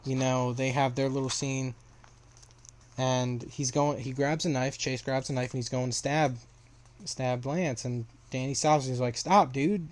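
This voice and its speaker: A man's voice: mid-range voice, flat delivery, unhurried, a little mellow, a little hiss or hum. A young man casually retelling a story in a rambling way, with lots of fillers and restarts.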